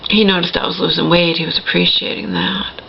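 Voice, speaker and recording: Gravelly middle-aged woman telling her story. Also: on the low side, sing-song, a little fast, highs cut off, slight background noise. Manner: rambling, emphatic, repeats "okay?" and self-corrects. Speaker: vlogger. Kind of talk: personal storytelling to camera.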